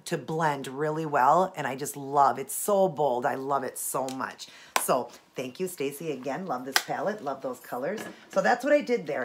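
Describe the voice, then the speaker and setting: A middle-aged woman with a stuffy nose from allergies, chatting casually through her outfit, jewelry and makeup at home with many rambling asides. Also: low-pitched. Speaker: fashion and beauty vlogger. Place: indoors at home.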